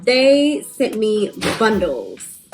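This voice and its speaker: A woman's voice: medium pitch, big pitch swings, extremely slow. Young woman vlogger, chatty and rambling, casual hair-tutorial chat, light music behind. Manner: chatty, rambling with fillers and asides. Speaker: beauty vlogger. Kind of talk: casual chat while doing her hair.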